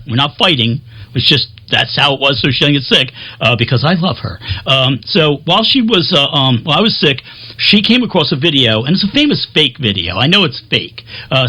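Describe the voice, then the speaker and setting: Rambling, chatty man with a husky voice. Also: a little high, pushed and bright. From Philadelphia, USA. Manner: chatty, self-deprecating, frequent fillers and restarts. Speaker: music show host. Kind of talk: rambling casual to-camera talk.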